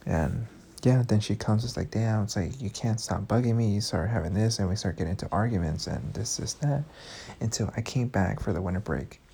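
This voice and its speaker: A man's voice: on the low side, animated, fairly quick, gravelly, dark tone, slight background noise. A young man hosting a podcast, telling his breakup story candidly and emotionally, swearing often. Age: young adult. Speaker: podcast host. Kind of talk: casual storytelling.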